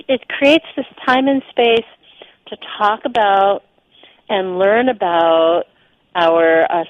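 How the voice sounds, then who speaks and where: Woman, radio guest, relaxed explainer, fillers and restarts, dry close sound, dull lo-fi audio. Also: medium pitch, no room sound. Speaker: guest sexuality teacher. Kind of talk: conversational radio interview.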